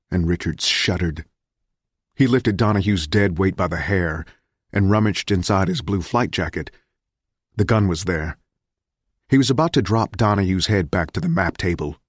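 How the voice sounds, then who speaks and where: A deep-voiced man narrates a grim thriller as an audiobook narrator. The scripted narration is recorded dry, with clean studio sound.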